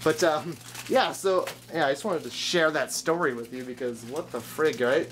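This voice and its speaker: A man with a fairly high voice chatting to camera in a casual vlog. He rambles and restarts his sentences often, joking at his own expense as he goes along. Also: moderate pace, fairly bright tone, a little hiss or hum. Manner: rambling, stammering restarts, self-deprecating. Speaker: vlogger.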